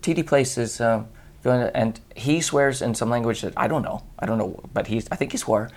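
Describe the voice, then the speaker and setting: A hoarse man telling a lively anecdote in casual chat, acting out the other voices and laughing often. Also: mid-range voice, brisk. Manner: animated storyteller who acts out voices and laughs often. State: hoarse voice after a long week. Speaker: guest on a radio chat show.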